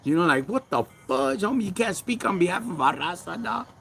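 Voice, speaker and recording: A livestream host with a Chicano accent rants from his backyard in street slang, preachy and talking to his chat. He has a high, very animated voice, brisk and fairly bright, with vocal fry and a breathy edge.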